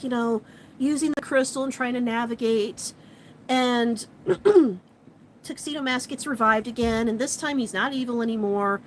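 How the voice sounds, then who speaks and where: A woman's voice: fairly high pitch, a little hiss or hum, poor audio. A woman vlogger giving a casual, chatty recap of a show, talking animatedly and saying "like" often.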